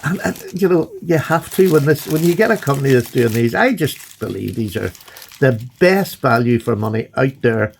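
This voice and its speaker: A man chatting excitedly and gushing as he unboxes and admires his new knives. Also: medium pitch, normal speed, vocal fry, slight background noise. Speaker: knife collector vlogger. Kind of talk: casual unboxing chat.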